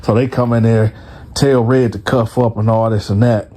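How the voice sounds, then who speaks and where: A man telling a prison story in a casual, animated way, talking straight to his viewers. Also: mid-range voice, normal speed. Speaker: storyteller, channel host.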